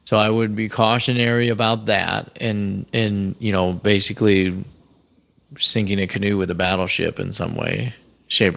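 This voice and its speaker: A man co-hosting a casual couples podcast, talking in a measured, explanatory way and retelling conversations step by step. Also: lowish voice, vocal fry, fairly bright tone. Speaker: podcast co-host.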